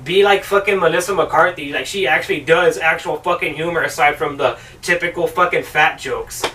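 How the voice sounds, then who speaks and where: Male vlog host, sharp bright tone, profane and exasperated film critic, slightly distant mic. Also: fairly high pitch, brisk, a little hiss or hum. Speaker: film reviewer, show host. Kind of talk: ranting film review.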